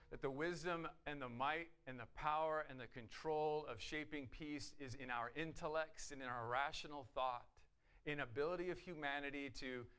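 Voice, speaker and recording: A man's voice: medium pitch, fairly bright tone, clean tone. A man preaching an expository sermon, firing off rhetorical questions and slipping into the voices of the people in the passage. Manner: rhetorical questions, emphatic with sudden bursts of volume; acts out the voices of the priests in quotes. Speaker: pastor.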